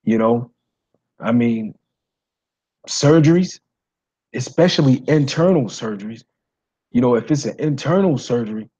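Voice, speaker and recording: A man with a raspy voice giving a casual singing lesson to viewers, rambling, repeating himself and saying "you know" and "guys" often. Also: medium pitch, normal speed, mellow, dull audio. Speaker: singing coach.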